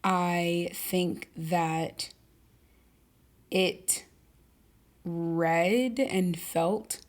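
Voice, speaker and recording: A woman's voice: lowish voice, steady tone, extremely slow. A young adult woman hosting a podcast, talking casually and animatedly about a book and its film, full of "like" fillers and loose swearing. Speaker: podcast host. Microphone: camera-recorded podcast.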